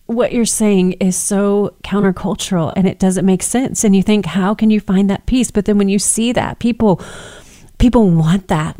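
A woman host of a faith talk show responds with feeling to a guest's story. Her voice is mid-pitched and mellow, recorded close and dry. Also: moderate pace, dry recording. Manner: emotional, affirming, scripture-quoting.

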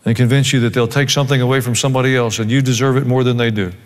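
Joking preacher in a reverberant hall. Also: male voice, mid-range voice, racing. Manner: animated preaching with dry joking asides. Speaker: pastor. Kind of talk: sermon.

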